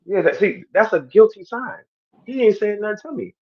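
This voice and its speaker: A man speaking to his stream audience in a heated, animated monologue, repeating himself and swinging between loud outbursts and quiet asides. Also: high-pitched, moderate pace, highs cut off. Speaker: battle rapper on a stream.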